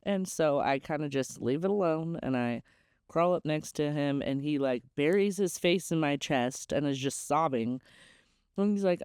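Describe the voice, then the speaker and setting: Young woman host, frank storyteller, smooth and clear, dry booth sound. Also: low voice, normal speed, darkish tone, dry recording. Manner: candid and chatty, many "like"s. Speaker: podcast host. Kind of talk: casual storytelling.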